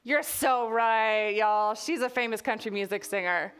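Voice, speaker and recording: A woman from Texas leads a children's event as the author, playful and encouraging with the kids. Her voice sits a touch high. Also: unhurried, fairly bright tone, slight background noise. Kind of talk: lively talk with children.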